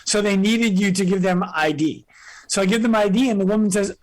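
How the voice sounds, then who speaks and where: A man appearing as a podcast guest, telling stories in an animated way and acting out other people's lines. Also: high voice, fairly quick, rough recording. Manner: animated storyteller, acts out quoted voices. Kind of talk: storytelling in interview.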